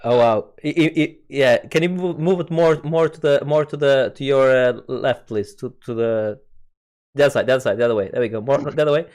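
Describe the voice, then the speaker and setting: A man's voice: mid-range voice, brisk, a little mellow. A man hosting a casual podcast chat, stumbling over words, repeating himself and laughing often. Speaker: podcast host. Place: home setup, recorded over voice chat.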